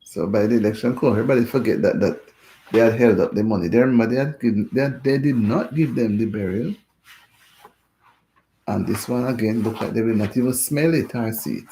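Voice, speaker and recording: A man's voice: lowish voice, a little fast, dark tone, a little hiss or hum. A man hosting a casual livestream chat, talking in a rambling, indignant way and repeating himself.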